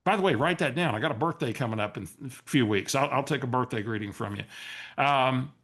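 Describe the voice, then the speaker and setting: A man leading a coaching webinar, telling a story in an animated, restarting way. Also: mid-range voice, a little fast. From San Antonio area, US. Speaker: real estate coach. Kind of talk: webinar training talk.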